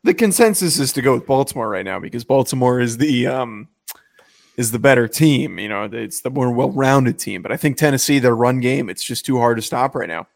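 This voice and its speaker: A man's voice: medium pitch, lively intonation, fairly quick, vocal fry. A man co-hosting a casual sports podcast, blunt and emphatic, laughing easily while he argues his picks. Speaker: podcast co-host.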